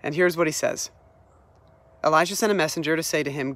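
A man preaching, retelling a scripture story with lively, animated energy. His voice sits a little high for a man, and he doubles back on words as he builds each scene. It is a conversational sermon delivery rather than a formal reading. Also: brisk, pauses often. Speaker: pastor.

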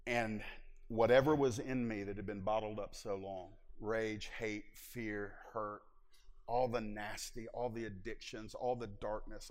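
A middle-aged man preaching a personal testimony in church, moving from hushed confession to loud exhortation. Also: fairly low pitch. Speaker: preacher giving his testimony. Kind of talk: sermon testimony. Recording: long hall reverb.

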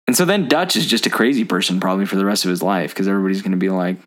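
A man with a fairly low voice talks loosely about films, drifting through his thoughts. He rambles, leans on filler words and keeps it relaxed and conversational. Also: rapid-fire. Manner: chatty, rambling, lots of fillers. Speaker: podcast host. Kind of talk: casual movie discussion.

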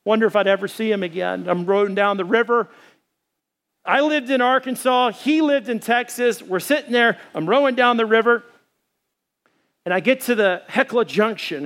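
A man preaching a sermon in a church as pastor, telling a story with lively acted-out dialogue. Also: sits high. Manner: animated storytelling, acting out dialogue.

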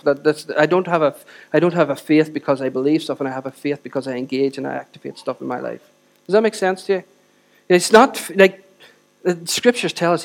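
At a church service, a man with a voice on the high side preaches to the congregation, swinging between loud exhortation and quiet, close moments. He frequently poses rhetorical questions to the audience.

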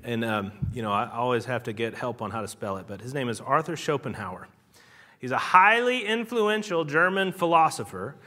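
A man's voice: a little high, sharp tone. A man preaching a conversational sermon, explaining ideas with casual asides and building emphasis. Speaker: pastor.

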